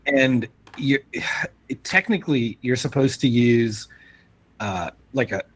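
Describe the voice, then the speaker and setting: A man's voice: medium pitch, husky. A young man joking and teasing his friend in a casual podcast chat. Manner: joking, quick to tease. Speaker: podcast co-host.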